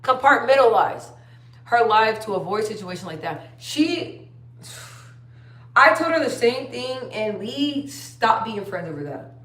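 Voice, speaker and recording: A young woman talks casually on a livestream, telling a long story and reading viewer comments as they come in. Her voice sits a bit high. She sounds set back from the mic, and the room echoes around her. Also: very animated, measured pace, fairly bright tone. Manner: chatty storytelling, reads viewer comments aloud. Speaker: livestream host. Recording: roomy sound, distant from the mic.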